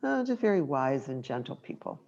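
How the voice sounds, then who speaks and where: A woman with a low voice gives a dharma talk as a meditation teacher. She speaks gently and reflectively, taking her time. The recording is dull and lo-fi. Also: very animated, normal speed, vocal fry.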